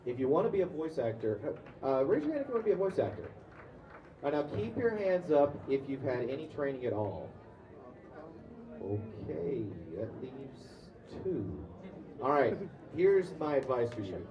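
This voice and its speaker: A man's voice: medium pitch, sing-song, normal speed, muffled recording, a crowd in the background. A man on a convention panel casually telling stories to an audience, with frequent fillers and restarts. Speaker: convention panelist, comics artist and voice actor. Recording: echoey room, far-off mic.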